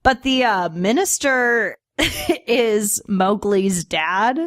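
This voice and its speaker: A woman's voice: medium pitch, extremely slow, no room sound, studio quality. A woman in her thirties co-hosting a casual podcast, telling stories about a movie and laughing often. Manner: giggly, laughs often, animated storytelling. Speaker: podcast co-host. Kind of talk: casual chat reviewing a movie.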